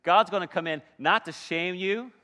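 Bright-voiced man preaching a sermon. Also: high-pitched, moderate pace, long reverb tail. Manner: dynamic preaching, swinging from soft to loud. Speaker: pastor.

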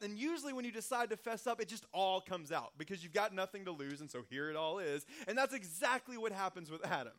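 High-voiced male pastor, conversational sermon. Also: expressive, quick pace, few pauses, fairly bright tone. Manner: conversational, humorous storytelling.

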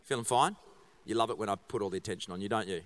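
A man's voice: on the low side, very fast, fairly bright tone. A middle-aged man, a pastor giving a casual sermon in a church, chatty and joking, with many fillers and restarts. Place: church auditorium.

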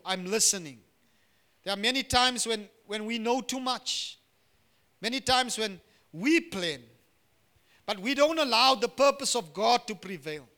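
A middle-aged male pastor preaching a sermon, swinging from hushed asides to loud emphatic lines and asking the congregation "Amen?". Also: high voice.

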